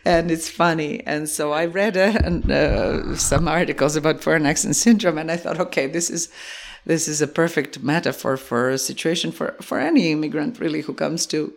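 A woman with a Croatian accent, speaking as a guest in an interview, reflective and quick to laugh. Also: sits low, steady tone, vocal fry. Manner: thoughtful, reflective, laughs easily. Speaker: guest, actor and playwright. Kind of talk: interview conversation.

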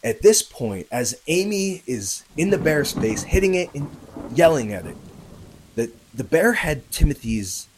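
On a rough recording with slight background noise, a fairly high-pitched man hosts a podcast, very animated yet unhurried, recounting a true story. He addresses listeners in a chatty way with lots of fillers and tag questions, growing louder and more urgent at the tense points.

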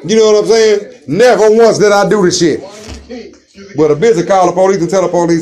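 A man telling stories in a casual chat, loud and animated, acting out the voices of the people in them. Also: high voice, fairly quick. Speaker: storyteller in a casual conversation.

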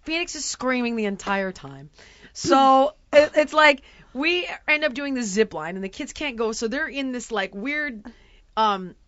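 A woman hosting a chat show, telling a story in an animated, exaggerating way and acting out quotes. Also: fairly high pitch, measured pace, dry recording, highs cut off. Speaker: podcast host telling a story. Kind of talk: casual chat.

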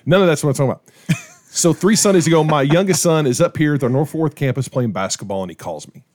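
Animated middle-aged man telling a story. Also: fairly high pitch, quick pace, dry recording. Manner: animated storyteller, acts out quoted voices. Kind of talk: casual storytelling chat.

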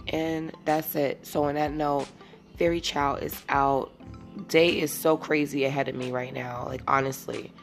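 Low gravelly woman in her thirties. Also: flat delivery, unhurried, faint music behind. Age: 30s. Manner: rambling, candid, drifting into emotion. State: teary, emotional. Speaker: podcast host. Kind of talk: casual solo podcast monologue.

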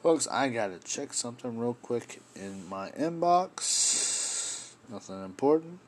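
With a mid-range voice and lively intonation, this podcast host takes his time, a slight hiss or hum in the background. Alone at the mic, he rants passionately and meanderingly about politics, cursing and addressing the audience as folks.

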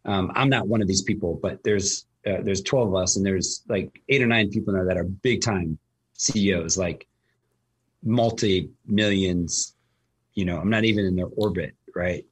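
A man with a low, husky voice, chatting casually as a host. He rambles through his story, full of ums and restarts. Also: normal speed. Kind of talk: casual conversation.

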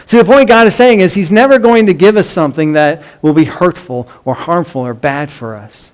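A man's voice: on the high side, lively intonation, normal speed. A middle-aged man preaching a sermon in an earnest, emphatic way, often asking the congregation rhetorical questions. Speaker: pastor.

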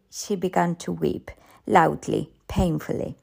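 A woman narrating a ghost story in a measured, dramatic way for English learners. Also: low-pitched, creaky.

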